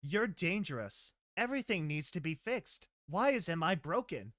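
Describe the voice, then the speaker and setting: A man voicing Gentle, an unhinged pegasus mare. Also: a little high, sing-song, normal speed, no room sound, clean studio sound. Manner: singsong, giggling, fixated repetition.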